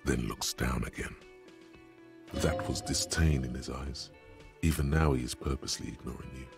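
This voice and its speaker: A gravelly, deep game narrator. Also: male voice, exaggerated voice. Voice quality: gravelly, measured and ominous. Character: grave, gravelly male narrator voicing the detective's inner thoughts.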